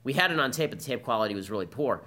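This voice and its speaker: A man's voice: mid-range voice, animated, sharp tone. A man hosting a podcast, delivering combative political commentary as a monologue. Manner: combative, fast-talking monologue. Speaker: podcast host.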